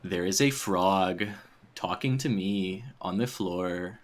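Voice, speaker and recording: A man's voice: low-pitched, takes it slowly. A man chatting casually on a game stream, rambling between puzzles and laughing often. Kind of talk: casual gaming stream chat.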